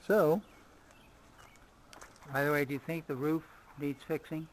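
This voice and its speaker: A man's voice: fairly high pitch, a little slow, long pauses, slight background noise, rough recording. An older man giving a chatty running commentary outdoors as he works on his car. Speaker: vlogger. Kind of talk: casual do-it-yourself vlog.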